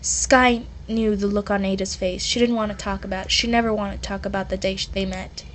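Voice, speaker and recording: A woman's voice: medium pitch, steady tone, fairly quick, slight background noise. A woman reading her own story aloud in a casual way, adding chatty asides and correcting herself as she goes. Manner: chatty, self-interrupting asides.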